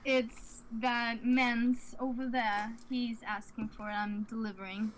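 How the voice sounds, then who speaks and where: A woman's voice: fairly high pitch, flat delivery, takes it slowly, slight background noise. A woman playing a cautious, polite young woman traveler who speaks with hesitant courtesy.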